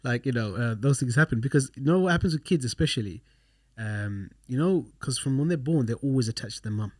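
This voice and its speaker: A man's voice: medium pitch, animated, brisk, darkish tone, no room sound, studio quality. A man co-hosting a casual podcast chat, explaining things in a reassuring way as an experienced father. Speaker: podcast co-host.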